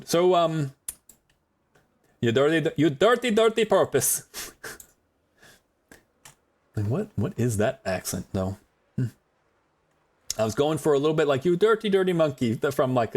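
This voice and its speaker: A man's voice: medium pitch, darkish tone, slightly rough. A man streaming a survival game live, rambling on in casual commentary and laughing often, a self-described yapper. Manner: chatty rambler, calls himself a yapper.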